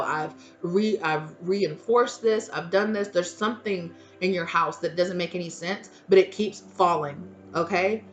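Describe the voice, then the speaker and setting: A woman's voice: lowish voice, fairly bright tone, lo-fi sound. A woman giving a casual tarot reading, blunt and emphatic, swearing freely and repeating her points. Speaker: tarot reader.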